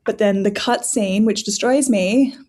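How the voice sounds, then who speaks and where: A woman's voice: mid-range voice, a little slow. A woman guest on a podcast, telling stories with animation and frequent "like" fillers. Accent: non-American English. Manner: animated storyteller, laughs often, filler "like". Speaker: guest scholar. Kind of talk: casual conversational interview.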